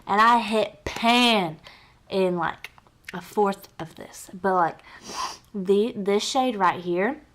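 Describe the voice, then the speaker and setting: A woman's voice: medium pitch, takes it slowly, fairly bright tone. A young woman vlogger talking casually through her makeup routine, chatty and gushing, with lots of fillers. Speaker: beauty vlogger. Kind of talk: casual makeup tutorial chat.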